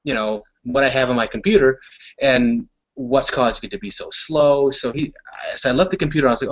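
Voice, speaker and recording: A young man tells a rambling story as a guest on a casual podcast, stumbling over his words and starting sentences over and over. His voice sits at an ordinary middle pitch. The recording is dull and lo-fi. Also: brisk. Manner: rambling storyteller with many restarts. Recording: dull lo-fi audio.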